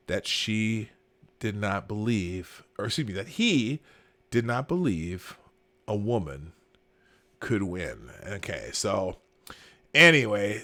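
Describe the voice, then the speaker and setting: A male podcast host riffs on the news in a casual, sarcastic way. His pitch swings widely, and his voice has a bright, forceful edge. He laughs between lines and drops to a mumble before bursting out louder. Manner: sarcastic, laughing, jumps between mumbling and loud mock outrage. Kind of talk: casual political commentary, reading headlines and tweets aloud. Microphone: camera and desk mic, live stream.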